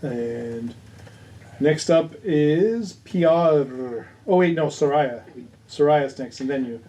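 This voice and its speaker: A man guides his players through a tabletop game as game master. He talks slowly and with frequent fillers, his tone soft and mellow. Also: on the high side, lively intonation. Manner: unhurried, hesitant, with many fillers.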